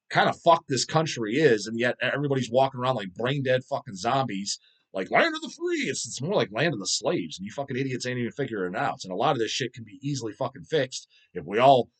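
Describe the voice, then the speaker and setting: A man's voice: medium pitch, a bit bright, breathy edge. A man around forty from the United States, hosting a casual livestream chat and swearing constantly as he rants. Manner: profane and ranting. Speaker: livestream host.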